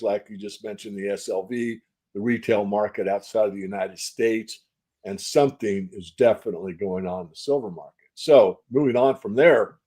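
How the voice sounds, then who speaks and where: An older man answering interview questions as a market analyst, measured and folksy, repeating phrases for emphasis. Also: fairly low pitch, darkish tone. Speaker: silver market analyst guest.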